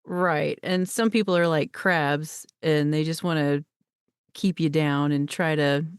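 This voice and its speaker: A woman hosts a podcast interview, asking questions and giving short, encouraging reactions. Her voice sits slightly low, and the recording sounds close and dry. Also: steady tone, a little slow, smooth, no echo. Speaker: podcast host.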